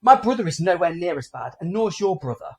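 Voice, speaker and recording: A man in his forties co-hosts a casual comedy podcast, with a voice pitched a little high that swings widely as he tells crude stories. He acts out the other people's voices in his anecdotes. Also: brisk, creaky. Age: 40s. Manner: animated storyteller, acting out quoted voices; crude, joking. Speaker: podcast co-host.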